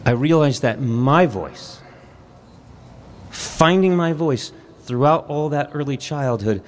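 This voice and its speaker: A man telling a personal story at a live storytelling event, in a measured, reflective way with dramatic pauses. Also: a little high, expressive.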